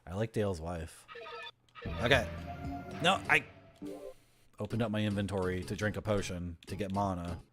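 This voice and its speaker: Music plays in the background as a man streams a game, giving casual commentary in a low voice at a moderate pace with frequent pauses. The streamer, from Toronto, Canada, chats and jokes with viewers and laughs often.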